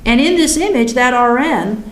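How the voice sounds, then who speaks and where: Wry, animated woman in an echoey room. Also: on the high side, moderate pace. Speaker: near-death experiencer. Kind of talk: personal storytelling.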